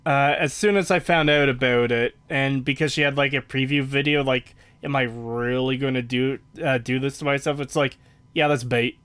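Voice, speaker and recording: A man's voice: medium pitch, steady tone, moderate pace, fairly bright tone, smooth. A man co-hosting a podcast in casual chat, blunt and offhand, swearing freely. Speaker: podcast co-host.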